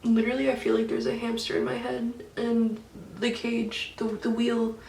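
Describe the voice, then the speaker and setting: A woman's voice: on the high side, flat delivery, moderate pace, creaky, a little mellow, distant mic, slight background noise. A young woman vlogger chatting casually about her dreams while doing her makeup, full of "like" and slang. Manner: chatty, heavy use of "like", slangy. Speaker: beauty vlogger. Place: indoors at home, getting ready. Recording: echoey room, voice somewhat off-mic.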